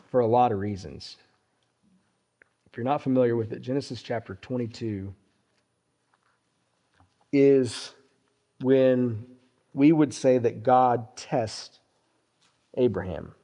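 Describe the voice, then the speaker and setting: Man, pastor, sermon, warm mellow tone, deliberate delivery, trailing soft phrase endings. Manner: deliberate, drops his voice low at phrase ends; teaching, addresses listeners directly.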